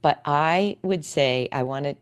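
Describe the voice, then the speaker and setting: A woman's voice: sits low, a little slow, smooth. A middle-aged woman hosting a podcast interview, effusive and emotional as she chats with her guest. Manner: warm, effusive, emotional responses. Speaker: podcast host. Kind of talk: casual interview chat.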